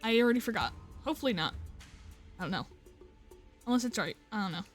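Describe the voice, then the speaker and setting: A chatty woman streamer talks casually over a game with a fairly high voice. She swears freely and keeps joking about herself and laughing. Faint music plays under her talk. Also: animated, fast. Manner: chatty and self-mocking, swears often, laughs a lot. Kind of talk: casual game stream commentary, reading story text aloud.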